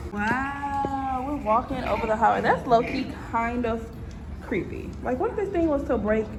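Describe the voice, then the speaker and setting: A woman's voice: sits high, expressive, slow pace. A woman filming a casual family vlog while walking around a public attraction, teasing and laughing as she talks to the camera. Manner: playful, teasing, laughs often. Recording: noisy handheld phone audio.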